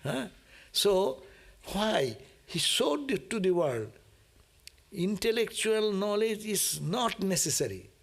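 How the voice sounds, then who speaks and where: A man's voice: high voice, sing-song, takes it slowly, vocal fry, slightly rough. A man who reads from scripture and explains it in a chatty way, asking "no?" and laughing often. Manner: laughs often and acts out prayers. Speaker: monk teaching a scripture class. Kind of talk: scripture reading with commentary.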